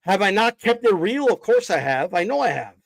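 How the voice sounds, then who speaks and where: A boxing streamer with a high voice and vocal fry rants on his live stream, very animated and fairly quick, cursing and taunting his chat combatively. The recording is dry and low-quality.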